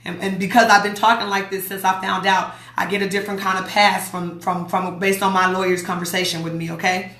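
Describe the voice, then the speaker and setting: A woman from Las Vegas talks straight into her phone on a livestream, blunt and emphatic, hammering home her warnings. Her voice is bright and forward, and the room around her is echoey. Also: medium pitch, flat delivery, fairly quick. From Las Vegas, USA. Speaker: host. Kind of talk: livestream talk reading viewer comments.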